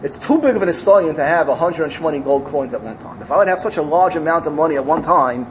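A man's voice: lively intonation, quick pace, a little hiss or hum, lightly acted. A man doing a poor pleading pious man. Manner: earnest, bargaining, rising pitch.

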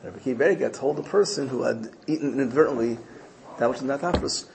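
A man's voice: mid-range voice, quick pace, gravelly, darkish tone, a little hiss or hum, rough recording. A man teaching a Torah class, explaining Hebrew verses in English and mixing in Yiddish terms as he tells a story.

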